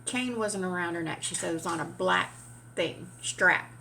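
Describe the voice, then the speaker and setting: A woman vlogger telling a story in an animated, chatty way, with casual swearing. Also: lowish voice, moderate pace, creaky, a little hiss or hum.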